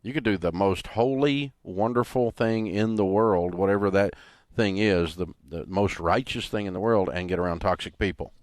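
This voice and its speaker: Male call-in radio host, very low voice, brisk delivery, dry studio sound. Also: no room sound. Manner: brisk, forceful, repeats himself when making a point. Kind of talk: radio talk show hosting.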